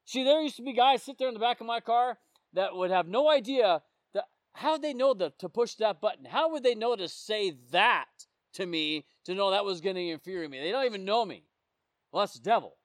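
High-voiced man preaching conversationally. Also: lively intonation, brisk, no room sound. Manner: conversational storytelling, often checking in with the listeners. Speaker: police officer sharing testimony. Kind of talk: informal sermon.

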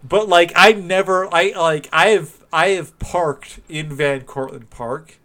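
A man's voice: fairly high pitch, takes it slowly, pushed and bright. A man co-hosting a podcast in casual chat, rambling with frequent laughs and restarts. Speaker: podcast co-host.

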